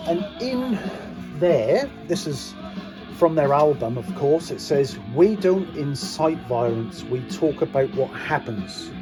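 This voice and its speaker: A man's voice: on the high side, big pitch swings, a little slow, music in the background. A middle-aged man from England giving a blunt, sweary, indignant monologue, full of rhetorical questions to his viewers. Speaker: political commentary vlogger. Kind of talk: casual ranting monologue.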